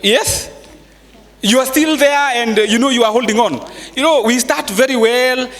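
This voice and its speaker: A man's voice: very high-pitched, moderate pace, fairly bright tone. Kenyan man speaking in an echoey hall. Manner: conversational, quizzes the audience, mixes in Swahili phrases. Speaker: seminar speaker. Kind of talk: live motivational finance talk. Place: large hall with a live audience. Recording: echoey hall with long reverb.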